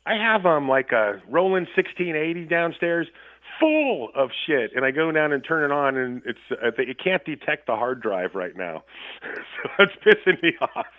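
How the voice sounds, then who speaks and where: A man on a tinny, narrow phone line, his voice sitting a little high. He rambles through stories casually, cursing freely and laughing as he talks. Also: sing-song, moderate pace. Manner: rambling, profane, laughs often. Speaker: guest musician. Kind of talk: casual storytelling chat. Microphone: phone call.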